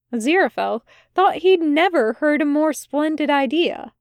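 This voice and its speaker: Woman narrator for a storybook audiobook, fairly high voice, dry close recording. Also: animated, a little slow, dry recording. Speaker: fanfiction audiobook reader.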